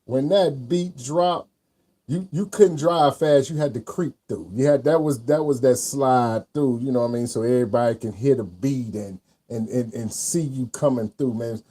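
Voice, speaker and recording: A man with a mellow, warm voice hosts a casual interview. He reminisces in an unhurried, laid-back manner and keeps answering his guest with "yes, sir.". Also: medium pitch. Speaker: host.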